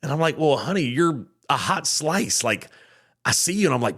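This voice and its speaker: A man's voice: on the high side, normal speed, slightly rough. A man, hosting a podcast in casual, chatty talk full of fillers. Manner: chatty and animated, many fillers. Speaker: podcast host.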